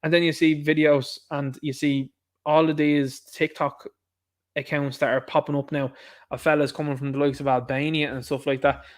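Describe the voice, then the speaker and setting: A man's voice: fairly high pitch, little pitch movement, normal speed. A man hosting an online commentary show, ranting indignantly at the viewer in a repetitive way.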